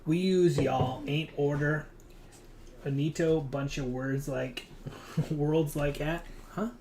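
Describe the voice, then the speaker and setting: A man's voice: on the high side, fairly even intonation, slow, a little mellow, slight background noise. Rambling, swearing man streaming a game. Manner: rambling, swears freely, talks to players and his kid. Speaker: gaming streamer. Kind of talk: casual chat while playing a hunting game.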